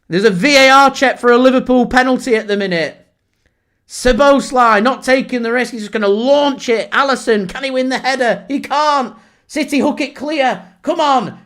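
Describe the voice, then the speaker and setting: At big moments in the match, the commentator, calling it live for a fan channel watchalong, erupts from calm play-by-play into excited shouting and incredulous laughter. His voice sits on the high side for a man.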